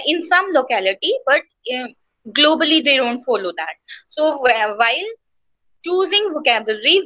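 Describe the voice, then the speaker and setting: High, bright-voiced woman teacher, Indian accent. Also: dry recording. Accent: Indian English. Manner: explanatory, with frequent fillers and tag questions. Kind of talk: online class lecture. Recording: slightly dull, dry sound.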